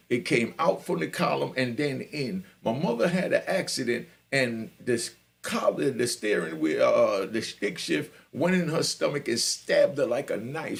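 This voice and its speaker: A man's voice: medium pitch, vocal fry. A man in his sixties from Jamaica, hosting a live stream and telling life stories in a conversational way, often checking that the listener is following. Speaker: channel host telling prison and life stories. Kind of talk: casual storytelling on a live stream.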